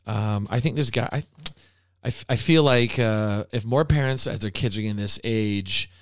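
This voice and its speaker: A man's voice: on the low side, normal speed, no room sound, clean studio sound. A man hosting a podcast conversation, telling stories and acting out what his kids and other parents say. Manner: animated storyteller who acts out quoted lines. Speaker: podcast host.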